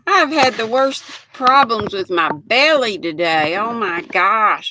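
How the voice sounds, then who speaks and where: A woman, hosting a relaxed live chat and greeting viewers by pet names. Her voice sits a little high and sounds bright and clear. She speaks slowly, and the recording is dry and close. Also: no room sound. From Southern United States. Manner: chatty, affectionate, calls viewers pet names. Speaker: live-stream host.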